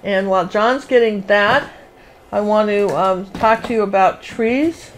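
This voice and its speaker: A woman leads a live painting class in a loose, rambling, friendly way. She hums little rhythmic sounds as she draws and keeps up a running commentary. Her voice sits at an ordinary middle pitch for a woman. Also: unhurried, slight background noise. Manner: chatty, rambling, sings little "do do" rhythms while drawing. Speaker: painting instructor and show host. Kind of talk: live painting lesson with casual chat.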